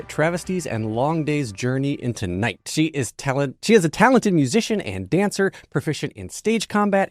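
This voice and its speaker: A man's voice: a little high, a little mellow, no echo, studio quality. A man hosting a theatre podcast, chatting casually with a playful, self-deprecating manner. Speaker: podcast host. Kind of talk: casual interview chat.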